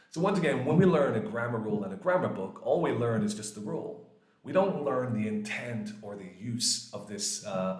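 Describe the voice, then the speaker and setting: A man in his forties teaching English grammar in a casual, lively way, swearing freely and acting out little quoted exchanges. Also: medium pitch. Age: 40s. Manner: lively, swears often, acts out quoted voices. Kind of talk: casual classroom explanation. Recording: echoey room.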